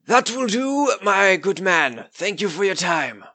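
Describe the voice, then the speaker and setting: A man's voice: high-pitched, sing-song, a little slow, sharp tone, pitched above the performer's own voice, exaggerated voice. A man voicing a polite, fretful aging nobleman who speaks formally. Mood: genial. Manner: formal, courteous and fussy.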